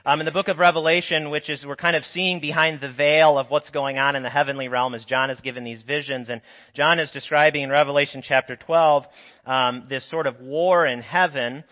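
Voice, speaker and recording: A man's voice: a little high, fairly even intonation, a little fast. A man with a sore throat delivers a conversational teaching sermon. His voice carries a long, lingering church reverb. The recording sounds dull and lo-fi. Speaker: preacher. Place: church sanctuary.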